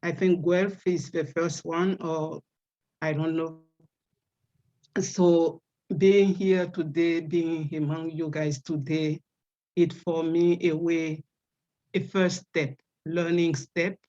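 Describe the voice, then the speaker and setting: Slow, halting speaker with French accent. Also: medium pitch, level tone, mellow, muffled recording. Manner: halting, with many fillers and restarts. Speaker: webinar participant. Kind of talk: casual spoken remarks. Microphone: video call.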